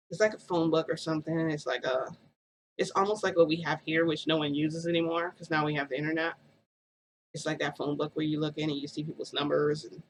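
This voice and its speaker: A woman's voice: deep voice, a little hiss or hum, poor audio. A woman vlogger telling a story in a rambling, casual way, full of "like" and "um".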